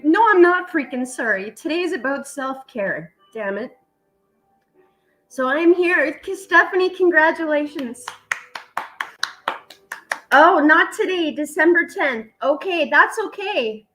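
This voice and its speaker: A woman's voice: high voice, expressive, unhurried, fairly bright tone, poor audio. A middle-aged woman hosting a casual chat, talking in a heartfelt, tearful way and swearing casually. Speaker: vlog host.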